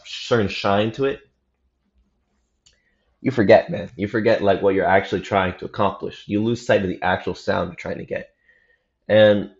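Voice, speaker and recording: Deep-voiced casual young man, roomy echo. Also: creaky, a little mellow. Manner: rambling, casual, self-correcting, slangy. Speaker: practice vlogger. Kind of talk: casual practice report. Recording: roomy, slightly dull home recording.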